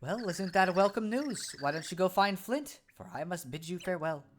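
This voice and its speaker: A man reading a calm, meditative tiny pixel spirit from a video game in a lowered, soothing voice. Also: brisk, a little hiss or hum. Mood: calm solemn.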